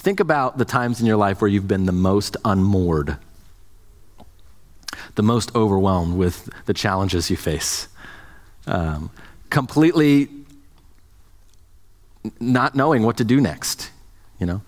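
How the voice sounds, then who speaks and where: A man's voice: lowish voice, lively intonation, a little slow, pauses often, in a large hall. A man preaching a sermon as pastor, speaking conversationally with many restarts and fillers.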